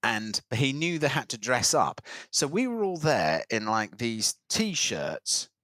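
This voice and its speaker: A man's voice: medium pitch, slow, no echo. A man telling a long anecdote in casual podcast chat, slipping into voices for the people in his story. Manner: animated anecdote teller, slips into character voices. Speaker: podcast co-host.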